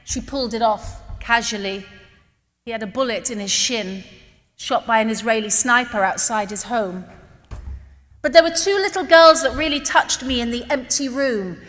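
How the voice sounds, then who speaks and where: A woman giving an impassioned religious talk to a gathering, telling a personal story in an earnest, emotional way and slowing down to stress key words. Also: on the high side, fairly bright tone. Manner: earnest, emotional, slows down for emphasis. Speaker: speaker addressing a religious gathering. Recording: long reverb of a large hall.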